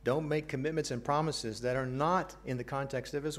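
A man's voice: mid-range voice, steady tone, brisk. American man preaching a sermon. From United States. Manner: earnest, asks the congregation questions, light jokes. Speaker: pastor.

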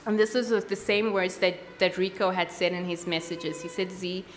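Earnest low-voiced woman giving testimony. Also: fairly even intonation, a little hiss or hum. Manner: earnest, halting, with frequent fillers and restarts. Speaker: church testimony speaker. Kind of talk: personal testimony at a worship service.

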